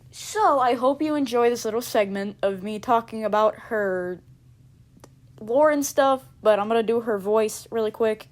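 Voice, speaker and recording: Casual female video creator, rambly and offhand, unpolished. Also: medium pitch. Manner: offhand and dismissive, drifting tangents.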